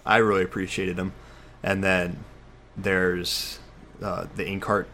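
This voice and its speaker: Deep-voiced man in casual podcast chat. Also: flat delivery, takes it slowly, fairly bright tone, slight background noise. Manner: rambling, with many restarts. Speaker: podcast co-host.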